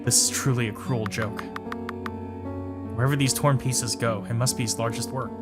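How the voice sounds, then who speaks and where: A man's voice: mid-range voice, fairly even intonation, moderate pace. A man casually commenting as he plays a horror game, in a wry, chatty manner. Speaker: let's play host. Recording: music playing behind.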